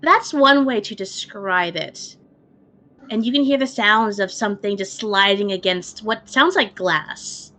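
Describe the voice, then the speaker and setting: A woman's voice: mid-range voice, a little slow, bright, forceful tone. A woman narrating a tabletop game as game master, describing scenes in a casual way. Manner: descriptive, laughs easily, casual.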